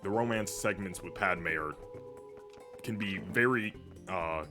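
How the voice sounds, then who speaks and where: A young man talks over his gameplay in a loose, rambling way, full of fillers and restarts. His voice sits on the low side. Game music plays clearly underneath him. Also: unhurried. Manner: rambling, filler-heavy chatter. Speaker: streamer. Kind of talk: casual gameplay commentary. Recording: music playing behind.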